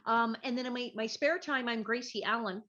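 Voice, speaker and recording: A woman's voice: on the high side, brisk, a bit bright, lo-fi sound. A woman comedian in a casual chat from her living room, chatty and self-mocking, often restarting her sentences. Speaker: guest, actor and comedian.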